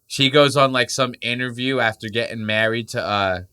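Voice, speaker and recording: A man's voice: mid-range voice, moderate pace, bright, forceful tone, clear, resonant tone, no echo, clean studio sound. A young man hosting a podcast, reacting to clips in a crude, mocking, joking way and swearing freely. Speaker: podcast host. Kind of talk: casual reaction commentary.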